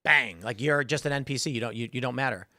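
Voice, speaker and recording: A man's voice: medium pitch, fast, bright, forceful tone, no echo, studio quality. A man hosting a podcast, arguing his point in a casual, combative back-and-forth and often cutting in. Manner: argumentative, interrupts. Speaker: show host.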